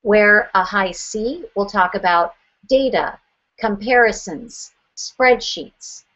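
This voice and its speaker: A woman's voice: mid-range voice, slow, a bit bright. Direct, emphatic woman trainer. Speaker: sales trainer. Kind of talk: presentation. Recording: slightly muffled.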